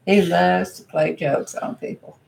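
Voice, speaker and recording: A woman's voice: lowish voice, fairly even intonation, measured pace, gravelly, a little mellow, rough recording. An older woman with a Kentucky accent, the host's mother, telling family stories in a plain-spoken way with laughter. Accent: Southern US, Kentucky. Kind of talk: casual family chat, storytelling.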